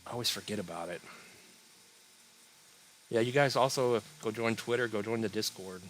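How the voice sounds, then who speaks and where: Low-voiced man talking through charts. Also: moderate pace, slight background noise, low-quality recording. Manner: relaxed, rambling, yawning, reading chat aloud. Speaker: crypto livestream host. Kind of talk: casual live chart analysis.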